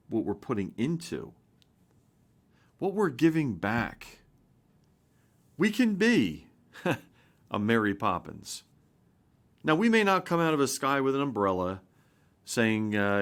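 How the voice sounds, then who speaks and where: A man in his fifties, a pastor giving an informal spoken sermon, earnest and rambling, with frequent restarts and rising emphasis. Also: fairly low pitch. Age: 50s.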